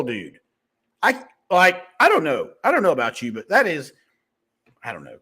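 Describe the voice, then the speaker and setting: Motivational sales-coach man, slightly high voice, husky, fast and rambling. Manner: fast-talking, animated, rambling with restarts. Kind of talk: motivational monologue to viewers.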